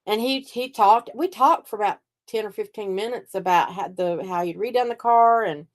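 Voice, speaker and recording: An older woman, a psychic reader and host, speaks at a medium pitch and normal speed. She tells stories in casual chat, animated, acting out the voices of the people she quotes.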